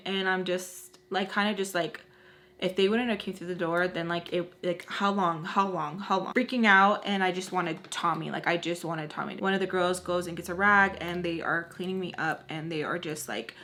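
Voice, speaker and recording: A woman's voice: fairly low pitch, a bit bright. A woman vlogger telling a personal story in a casual, emotional way, using "like" often. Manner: casual, fillers with frequent "like"; intense, emotional retelling. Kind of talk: storytime vlog.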